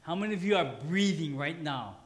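A man's voice: fairly high pitch, expressive, a little fast. A man preaching a sermon in church with a light tinge, joking with the congregation. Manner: joking, playful asides to the congregation. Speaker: pastor.

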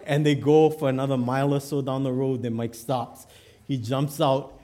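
A man preaching, telling a long joke story with lively shifts between loud and hushed. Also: mid-range voice, normal speed.

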